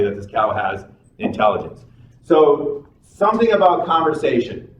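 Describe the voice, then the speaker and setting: In a classroom psychology lecture, a man with a medium-pitched voice talks conversationally, repeating himself and putting questions to the class. The lo-fi recording was made from a distance in an echoey room, with faint noise.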